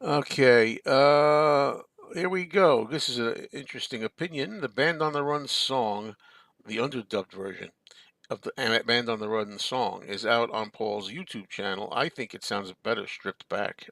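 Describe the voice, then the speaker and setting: A man's voice: mid-range voice, measured pace, creaky, fairly bright tone, dry recording. A man hosting a casual live-stream chat, rambling and answering viewer comments. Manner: rambling, chatty, reads viewer comments aloud. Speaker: show host.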